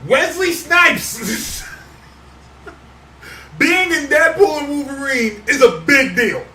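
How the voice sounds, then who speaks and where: A man with a high, lively, bright voice chats casually and emphatically. He repeats his points for effect. The sound is distant and echoey, with faint hiss behind it. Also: extremely slow. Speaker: podcast co-host. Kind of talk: casual chat. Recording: roomy, distant mic with faint noise.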